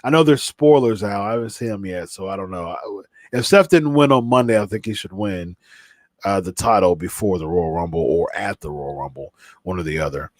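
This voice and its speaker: A man's voice: sits low, a little fast, no echo. A man hosting a live podcast stream, chatting casually in a rambling way full of fillers and restarts, a little stuffy from a cold. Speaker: podcast host.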